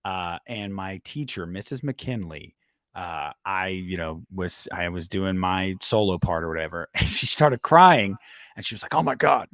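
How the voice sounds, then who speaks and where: An animated man co-hosting a podcast, his pitch swinging widely as he talks. He rambles and restarts often in a relaxed chat. The sound is dry, with no room around it. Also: a little slow, no room sound. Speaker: podcast co-host. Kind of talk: casual chat.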